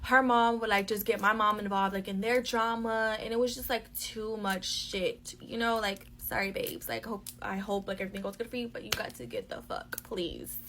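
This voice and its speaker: A woman's voice: medium pitch, moderate pace, hardly any pauses, a bit bright, a little hiss or hum. A young woman from the spills a storytime straight into her phone camera. She talks in a casual, blunt, profane way, with constant "like" fillers and a mid-range voice.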